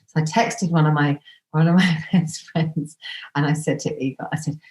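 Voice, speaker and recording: A woman telling dating stories as a podcast guest, animated and theatrical, acting out the dialogue. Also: low voice, moderate pace. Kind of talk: anecdotal storytelling. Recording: roomy echo.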